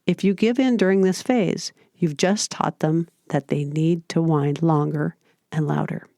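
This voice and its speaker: A woman hosting a parenting podcast, giving scripted advice in a calm, steady, explanatory way. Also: sits low, measured pace, creaky, no echo, clean studio sound. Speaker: podcast host.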